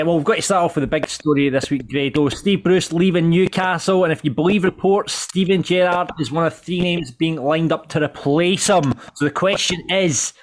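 A man hosting a casual podcast chat and steering the talk to new topics. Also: on the high side. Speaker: podcast host.

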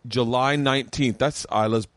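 A man hosting his own comedy podcast, talking loosely and fast, swearing often and rambling with excitement. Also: mid-range voice, no room sound. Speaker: podcast host and stand-up comic. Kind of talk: casual podcast chat. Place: home studio room.

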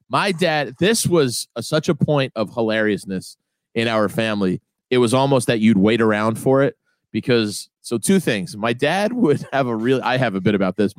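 A man co-hosting a podcast, telling funny family stories in a casual, animated way and often doing loud impressions of his father. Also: mid-range voice, dry recording, studio quality. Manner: animated storyteller, mimics his dad in loud bursts. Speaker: podcast co-host. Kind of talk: casual comedic chat.

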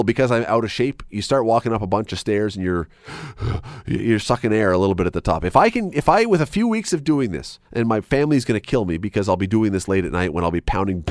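Male radio talk host, rambling, self-correcting, lively delivery, dry close studio sound. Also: on the low side, no room sound. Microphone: studio microphone.

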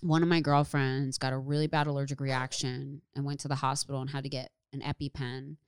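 A young woman co-hosts a podcast in a relaxed, chatty way, swearing casually and acting out quotes as she goes. Her voice sits low and sounds smooth and clear. The sound is dry and close. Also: fairly quick, no room sound. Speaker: podcast co-host. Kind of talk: casual chat.

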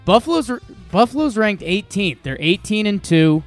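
A man's voice: high voice, very animated, moderate pace, faint music behind. A man co-hosting a podcast, chatting casually about sports bets in a rambling, joking way with many restarts. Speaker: podcast co-host making betting picks.

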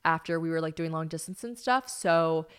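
A woman's voice: low-pitched, normal speed, clear, resonant tone. A young woman from South Carolina, chatting casually and animatedly as host of her solo podcast, swearing freely.

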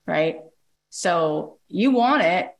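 A woman's voice: lowish voice, lively intonation, drawn-out words, vocal fry. A woman hosting a motivational podcast, enthusiastic and emphatic, stacking repeated phrases and spiritual self-help talk in rhythmic runs. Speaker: podcast host.

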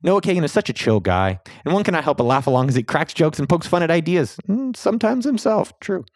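A man hosting a podcast, talking in an upbeat, excitable, salesy way, then chatting casually with his guest. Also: fairly quick, dry recording, studio quality. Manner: upbeat, salesy, excitable delivery with sudden pitch jumps. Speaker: podcast host. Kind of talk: energetic podcast intro and casual interview.

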